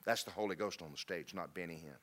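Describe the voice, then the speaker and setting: A man's voice: quick pace, fairly bright tone. Emphatic storytelling male preacher. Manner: storytelling, rising to emphatic peaks then dropping low. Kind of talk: sermon. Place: church.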